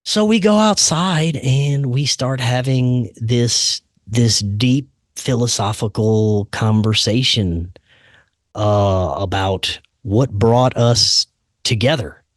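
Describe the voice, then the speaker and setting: Male podcast host, casual storyteller, lively and slangy, average pitch, dry close sound. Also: slow, no room sound. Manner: animated, slangy, peppers talk with "man" and "dude".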